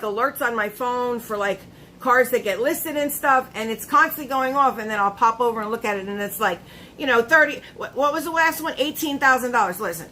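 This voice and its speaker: A woman's voice: a little high, sharp tone, a little hiss or hum, poor audio. A woman hosting a casual live stream, chatty and laughing often, greeting her viewers by name.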